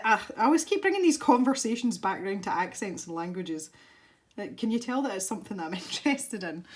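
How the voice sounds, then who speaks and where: A woman's voice: mid-range voice, slight background noise. A woman with a west-of-Scotland accent, chatting casually and rambling as she colours for a tutorial. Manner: chatty and rambling, self-deprecating. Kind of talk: casual chat while colouring.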